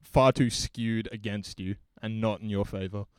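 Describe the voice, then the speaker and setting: A man's voice: lowish voice, moderate pace, clean tone, dry recording. An Australian man co-hosting a podcast in casual chat, ranting and often breaking off to restart a thought. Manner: animated ranting, self-interrupting. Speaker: podcast co-host.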